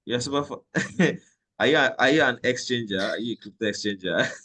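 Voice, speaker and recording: A man's voice: mid-range voice, expressive, normal speed, fairly bright tone. A man teaching a live trading lesson in a conversational way, repeating points and checking in with "okay?". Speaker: trading instructor.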